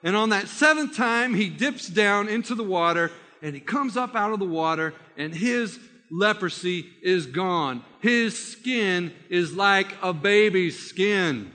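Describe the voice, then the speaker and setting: A male preacher tells a story in a sermon, animated and vivid, often restarting his phrases. His voice sits high and sounds bright and edgy. A long reverb from a hall trails after his words. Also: slow.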